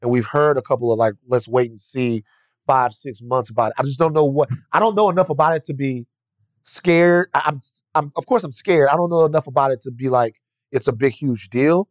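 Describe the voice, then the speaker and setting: A man's voice: mid-range voice, a little fast, dry recording. A man talking on a podcast in a rambling, profane way, often restarting sentences. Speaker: podcast guest. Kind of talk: casual chat.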